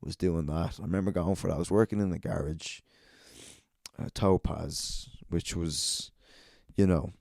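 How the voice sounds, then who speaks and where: A low, mellow-voiced Irish man in his thirties hosts a solo podcast. He tells stories in a rambling, sardonic way, swearing freely and circling back on himself. The sound is dry and close to the mic. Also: steady tone, unhurried, vocal fry, dry recording. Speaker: podcast host.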